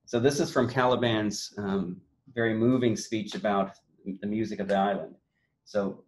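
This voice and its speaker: A man leading a literature seminar over a video call. He gives an introductory lecture in a halting way, with frequent restarts and repeated words. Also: lowish voice, steady tone, a little hiss or hum. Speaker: seminar leader.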